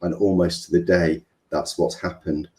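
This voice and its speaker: A man's voice: deep voice, flat delivery, moderate pace, over a noisy crowd. A middle-aged man with a Mancunian accent, a guest in an interview, talking in a rambling, hesitant way with many ums and restarts. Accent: Mancunian English. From England. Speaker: business coach, guest. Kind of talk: interview conversation.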